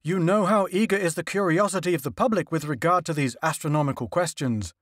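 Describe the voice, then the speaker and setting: A man's voice: fairly high pitch, brisk, no echo, clean studio sound, close to an everyday voice. A man voicing an imperious, wealthy male newspaper magnate who fires off demanding, impatient questions. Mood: brisk, demanding.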